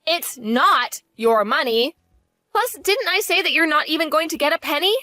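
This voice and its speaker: A woman's voice: very high voice, quick pace, bright, forceful tone, no echo, clean studio sound. A woman voicing a blunt young wife who speaks in a cutting, direct way. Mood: cold.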